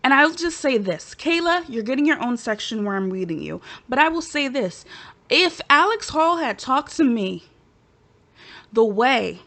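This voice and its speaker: A woman vlogger reviews a reality show, chatting casually and sassily straight to camera as she gives her opinions with animated energy. Her voice is high and her pace measured.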